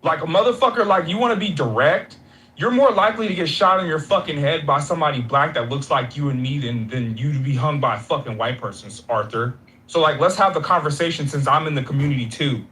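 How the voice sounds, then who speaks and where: A man's voice: on the high side, fast, a bit bright, rough recording. A man in a heated debate, blunt and agitated, swearing heavily. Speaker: debate participant.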